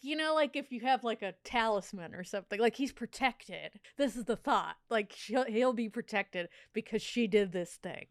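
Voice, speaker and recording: A woman's voice: fairly high pitch, lively intonation, moderate pace, few pauses, no room sound, clean studio sound. A woman co-hosting a podcast, chatting and telling a true crime story in a loose, giggly way full of "like.". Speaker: podcast co-host.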